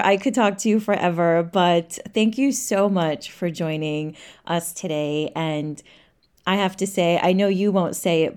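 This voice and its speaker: A woman's voice: fairly low pitch, a little mellow, smooth. A woman hosting a podcast interview, affirming her guest and laughing along. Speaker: podcast host.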